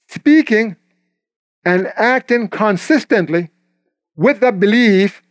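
A man preaching a sermon, emphatic, slipping into quick acted-out voices for the people and the devil he quotes. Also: high voice, no room sound.

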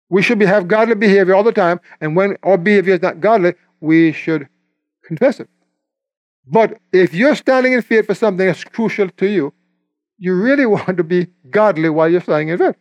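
A man preaching a sermon, emphatic, slipping into quick acted-out voices for the people and the devil he quotes. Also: sits high, expressive, dry recording, dull audio.

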